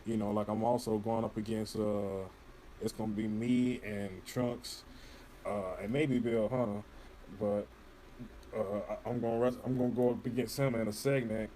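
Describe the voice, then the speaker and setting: A man's voice: lowish voice, flat delivery, normal speed, warm tone, a little hiss or hum. Rambling, profane man telling stories. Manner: rambling, profane, heavy on "you know" fillers. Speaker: podcast guest. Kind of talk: casual interview chat.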